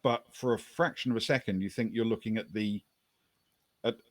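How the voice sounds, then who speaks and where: Low-voiced man narrating as game master. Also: steady tone, dry recording. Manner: descriptive, unhurried narration with many pauses.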